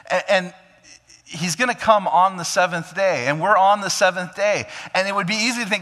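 Bright-voiced male preacher in a reverberant hall. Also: a little high, a little fast. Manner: animated, with frequent stammered restarts. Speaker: pastor. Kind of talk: sermon.

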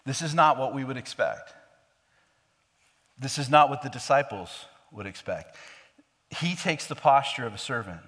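An emphatic male pastor delivering a sermon in a church sanctuary, his voice at a middling pitch. He repeats his key phrases and swings between hushed and loud. A long hall reverb trails his words.

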